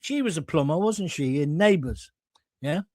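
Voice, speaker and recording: A man's voice: on the high side, lively intonation, moderate pace, a little mellow, no room sound. A middle-aged man hosting a live political chat show, reading out viewer comments with blunt, sardonic asides that wander off topic. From England.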